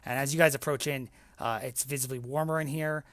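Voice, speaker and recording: A young man narrating as game master in a tabletop game, halting and full of fillers. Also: medium pitch, steady tone, fairly bright tone, no echo.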